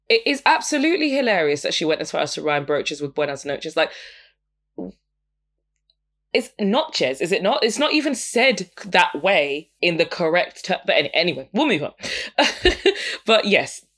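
A young woman talks through music in a loose, candid podcast style. Her voice sits a little low for a woman, and she keeps breaking into laughter as she goes. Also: a bit bright. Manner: chatty, frank, laughs often between points. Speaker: podcast host. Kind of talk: casual music review commentary.

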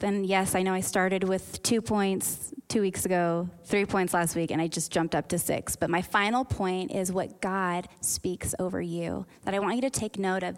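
A woman pastor preaching a sermon in an earnest, encouraging way. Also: mid-range voice.

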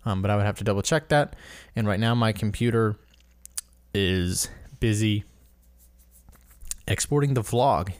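A man's voice: lowish voice, darkish tone, no room sound. A man hosting a casual solo commentary episode, rambling and correcting himself as he stumbles over names. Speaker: podcast host.

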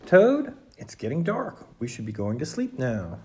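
A reader voicing a calm, kindly male frog in a storybook read-aloud, speaking gently and patiently. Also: medium pitch, a little slow. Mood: reassuring.

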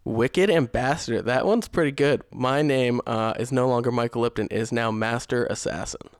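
A young man co-hosting a podcast in casual chat, relaxed and rambling, with many fillers and restarts. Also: medium pitch, normal speed, clean tone, no echo, studio quality. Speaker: podcast co-host.

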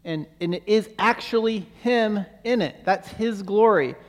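A man's voice: sits high, a little slow. Earnest man teaching in a reverberant hall. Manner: earnest, repeats words while searching for phrasing. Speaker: Bible teacher. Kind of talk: sermon teaching.

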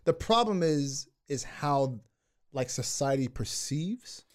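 A young man in a relaxed podcast conversation, speaking at an ordinary pitch. He often stumbles over his words, restarts his sentences and stops to ask for clarification. When he tells a story, his words tend to break up with laughter. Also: slow. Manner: laughs while telling stories. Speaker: podcast co-host. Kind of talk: casual discussion.

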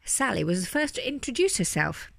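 A woman reading a children's story aloud with lively, animated delivery. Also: on the high side, a little fast, gravelly, no room sound, clean studio sound. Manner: animated, doing character voices. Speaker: storybook reader.

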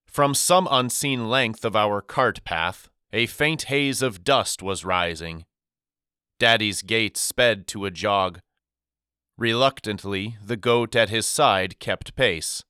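A man narrating an audiobook chapter as the storyteller, in a measured, reflective manner. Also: lowish voice, sharp tone, clean tone, no echo, studio quality. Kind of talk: scripted narration.

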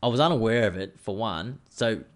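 A man's voice: lowish voice, animated, a little fast. A man, hosting a casual solo podcast, chatty and rambling, swearing freely. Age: 30s. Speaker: podcast host.

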